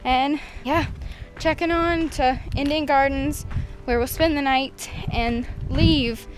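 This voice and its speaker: Chatty young woman, high voice. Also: rough recording. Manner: chatty, candid and rambling. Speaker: vlogger. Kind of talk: casual vlog updates. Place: outdoors on a canyon hiking trail and campground.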